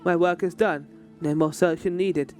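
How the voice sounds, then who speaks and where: A man voicing a gruff, dutiful flea strongman who speaks in clipped, broken phrases. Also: a little high, steady tone, normal speed, a little mellow, soft background music, natural voice. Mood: solemn.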